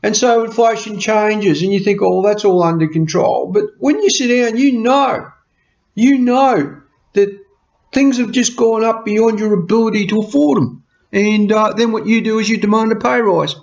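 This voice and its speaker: A man's voice: sits high, normal speed. A man talking earnestly to camera from home in a rambling, homely way about budgeting. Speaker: budgeting vlogger. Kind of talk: casual talk to camera. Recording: slightly muffled lo-fi sound.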